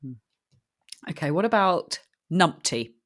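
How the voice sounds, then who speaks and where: A woman with a low but animated voice co-hosts a relaxed podcast. She is playful and giggly, with her pitch moving a lot as she reacts. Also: a little slow. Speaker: podcast co-host. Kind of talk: casual chat.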